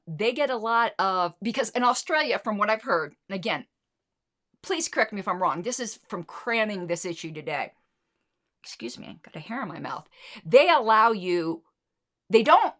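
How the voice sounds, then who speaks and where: A woman's voice: medium pitch, sing-song, normal speed, a bit bright. A woman hosting a casual livestream, talking through her notes with frequent restarts and fillers. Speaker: show host.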